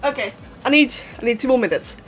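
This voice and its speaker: A woman's voice: fairly high pitch, expressive, fast. A woman chatting casually on a live stream, hyper and giggly, answering chat messages as she goes.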